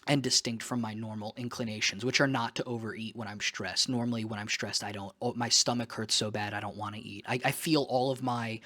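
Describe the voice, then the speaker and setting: A man's voice: fairly low pitch, steady tone, fairly quick, few pauses, sharp tone. Candid, rambling male vlogger. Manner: candid, rambling and emphatic, with casual swearing. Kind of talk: casual personal vlog.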